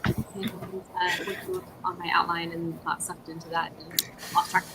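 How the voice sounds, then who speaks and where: A woman's voice: fairly low pitch, flat delivery, a little slow, background noise. A woman co-hosting a live writing stream, thinking aloud in a casual, musing and slightly rambling way. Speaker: writer co-host of a writing stream.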